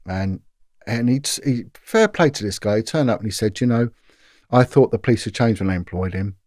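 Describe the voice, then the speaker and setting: A man's voice: lowish voice, brisk, no room sound, clean studio sound. A middle-aged man, a former detective telling long anecdotes in an interview, full of fillers and restarts. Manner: animated anecdotes with many fillers and repeats. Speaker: former police detective, guest. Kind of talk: storytelling interview.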